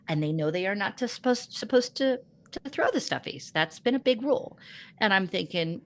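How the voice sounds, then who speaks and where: Music teacher lady chatting on a podcast, lowish voice, acts out everyone in the story. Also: expressive, normal speed. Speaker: podcast host. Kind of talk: casual chat.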